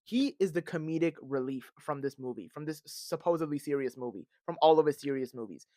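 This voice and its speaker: A man hosting a podcast, talking in a casual, animated and dramatic rant full of fillers and recorded on a phone. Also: on the high side, fairly quick, dry recording, studio quality. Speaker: podcast host. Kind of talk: casual ranting commentary.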